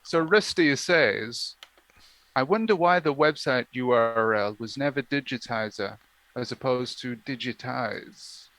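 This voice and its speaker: A man's voice: medium pitch, measured pace, fairly bright tone, dry recording. A man co-hosting a live stream, chatting casually and jokingly and reading on-screen text aloud. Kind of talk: casual chat.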